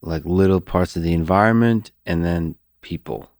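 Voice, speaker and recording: A man hosting a podcast, asking slow, probing questions with hesitant fillers. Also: sits low, a little mellow, no room sound, studio quality. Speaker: podcast host. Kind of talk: interview conversation.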